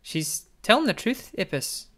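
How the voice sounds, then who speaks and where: A man's voice: high voice, sing-song, a little slow, fairly bright tone, voice pushed up, heavily acted. A man voicing an earnest, bookish village woman who rambles as she explains.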